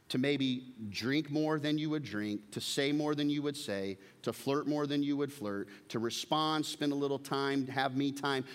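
A man's voice: mid-range voice, clear, resonant tone. A man, preaching a sermon earnestly and putting direct questions to his congregation. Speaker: pastor.

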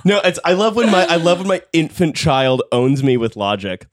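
A man's voice: on the high side, no echo. Guy hosting a podcast, wry and jokey, dry close mic. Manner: wry, fast, joking riffs. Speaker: podcast host. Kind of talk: casual chat.

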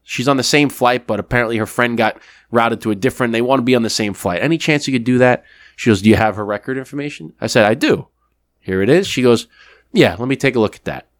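A man's voice: medium pitch, fast talker, dry recording, studio quality. A man co-hosting a podcast, telling a story in casual chat and acting out both sides of a phone call. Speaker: podcast co-host.

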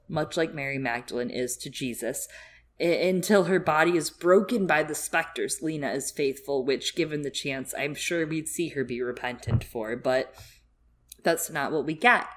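A woman co-hosting a casual book discussion, chatty and rambling, with many fillers. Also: very deep voice. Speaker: podcast co-host.

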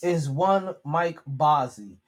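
A man's voice: on the high side, slow pace. A man hosting a sports podcast, talking casually with swearing, slang and lots of restarts. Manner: rambling, profane, frequent restarts. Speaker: podcast host.

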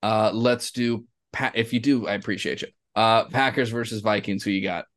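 A man from Florida co-hosting a casual sports podcast, swearing and laughing often, breaking into excited bursts. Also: on the low side, moderate pace. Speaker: podcast co-host.

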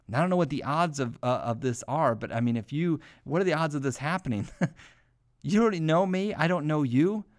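A man's voice: fairly high pitch, animated, a little fast. A man hosting a devotional podcast, talking earnestly in a loose, repetitive preaching style and often saying "man". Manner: earnest, repeats himself, says "man" often. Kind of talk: informal spoken devotional.

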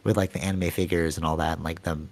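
This thirties-aged podcast host speaks fast in a deep, level, slightly mellow voice. He keeps the casual chat energetic, scattering plenty of "like"s and "you know"s throughout.

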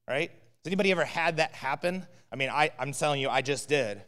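A man's voice: on the high side, a little fast, fairly bright tone. A man preaching a sermon in a conversational, storytelling way, with lots of fillers. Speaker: pastor. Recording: hall with long reverb.

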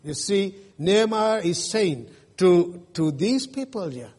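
High-voiced male pastor preaching. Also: expressive, a little mellow. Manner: emphatic preaching with mocking jeers and pauses. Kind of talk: sermon. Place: church sanctuary. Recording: reverberant church hall.

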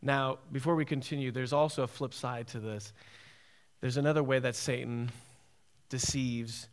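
A man's voice: medium pitch, steady tone, moderate pace. A man preaching a sermon, emphatic and repetitive, often asking "right?".

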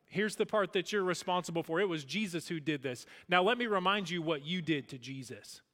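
A man preaching a sermon as pastor, emphatic, swinging between loud declarations and hushed lines. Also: fairly high pitch, expressive, a little fast. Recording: long hall reverb.

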